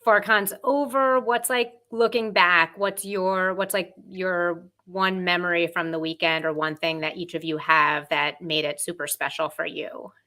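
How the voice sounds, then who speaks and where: A woman's voice: fairly low pitch, fairly even intonation, unhurried, hardly any pauses, pushed and bright. A woman hosting a podcast, earnest and gushing, with a playful sarcastic streak. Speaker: podcast host. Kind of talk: casual podcast chat.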